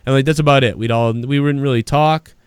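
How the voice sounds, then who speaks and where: A man's voice: mid-range voice, fairly even intonation, brisk, clear, resonant tone, no room sound, studio quality. A man hosting a podcast, telling a long story in casual, profane, rambling talk. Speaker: podcast host. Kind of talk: casual chat.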